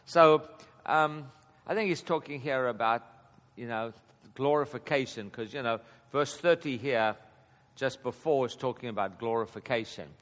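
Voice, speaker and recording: A man in his fifties teaching a Bible passage in a relaxed, conversational way, chuckling often and getting animated at key points. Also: medium pitch, moderate pace. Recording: long hall reverb.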